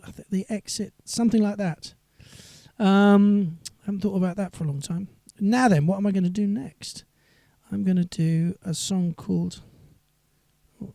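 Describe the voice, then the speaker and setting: A man's voice: sits high, creaky, mellow, dry recording, studio quality. A singer-songwriter man chatting on a live stream between songs, rambling and reading viewer comments aloud.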